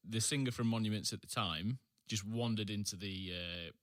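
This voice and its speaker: A man's voice: lowish voice, moderate pace, a bit bright, no room sound. A man, a podcast guest, chatting casually in a laid-back way, trailing off and laughing often. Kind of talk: casual chat.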